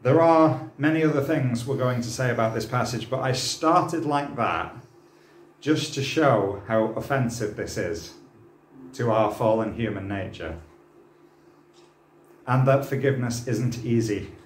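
Brief: male preacher, impassioned and dramatic, mid-pitched, roomy church hall sound. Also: unhurried. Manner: impassioned, dramatic, rhetorical questions. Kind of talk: sermon.

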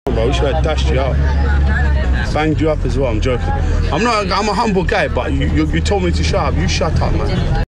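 A young man teases and mocks in loud street slang while streaming from his phone on a packed bus. His voice sits a little high. The chatter of the crowd around him carries clearly under his words. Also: expressive, a little fast, rough recording. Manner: teasing, boisterous street slang. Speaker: vlogger. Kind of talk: live-stream banter.

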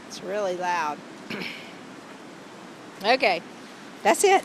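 Woman, dog owner, slow sing-song pet talk with a gravelly edge, outdoors with faint wind. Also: on the high side, lively intonation. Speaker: dog owner filming her dog. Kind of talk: casual chat to her dog on camera. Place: outdoors in a windy backyard. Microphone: handheld camera.

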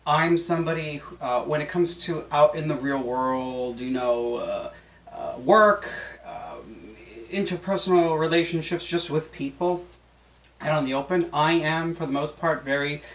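A man's voice: a little high, lively intonation, unhurried. A man hosting as substitute, talking casually about his religion with many fillers and restarts. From Greek heritage. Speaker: substitute host. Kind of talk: casual solo talk. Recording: echoey room, mic at a distance.

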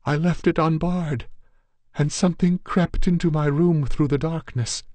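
A frantic, whimpering young noblewoman, put on by a man reading the tale. The voice jumps far up into a thin, high register and sits close and dry in the ear. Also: measured pace, a little mellow, dry recording, close to an everyday voice. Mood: whimpering terror. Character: terrified young noblewoman, breathless and shaken.

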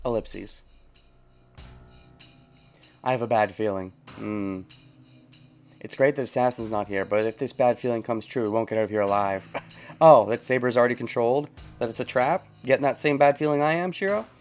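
Man, let's play host, casual commentary, thinks aloud, frequent chuckles, mid-pitched. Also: moderate pace, pauses often, faint music behind.

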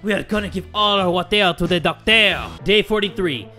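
Excitable high-voiced young man gaming. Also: brisk, faint music behind. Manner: excitable, reads game text aloud, swears, yells at setbacks. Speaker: gaming YouTuber. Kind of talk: let's play commentary.

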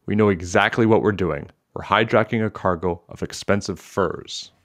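A man's voice: sits low, moderate pace, fairly bright tone. A man voicing a pompous, overly polite male hijacker in a storybook reading. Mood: boastful. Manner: overly polite, then blustering.

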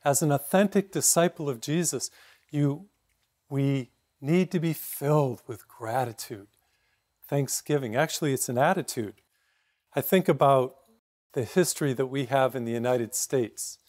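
A man in his sixties from Massachusetts, a priest giving a sermon in a steady, reflective storytelling way. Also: medium pitch, unhurried.

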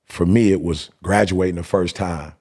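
Gravelly man telling a story. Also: low voice, normal speed. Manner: storytelling, animated, slangy, quotes others. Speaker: podcast host. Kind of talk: casual podcast chat.

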